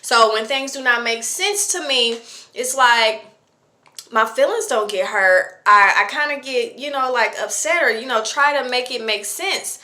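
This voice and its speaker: Bright-voiced chatty woman in her twenties. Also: on the high side, unhurried. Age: 20s. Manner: chatty, reflective, many fillers. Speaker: vlogger. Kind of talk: casual talk to camera.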